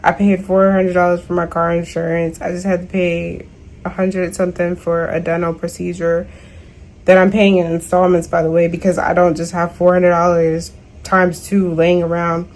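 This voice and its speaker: A woman's voice: lowish voice, little pitch movement, moderate pace, a little mellow, poor audio. A young woman venting in a casual video diary, stressed and worn out, exasperated and slangy as she talks to her camera at home. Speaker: vlogger.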